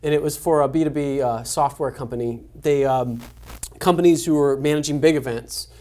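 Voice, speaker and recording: A man's voice: on the high side, fairly quick, warm tone. A man hosting a live webinar discussion, talking conversationally with frequent fillers and restarts. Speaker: webinar host.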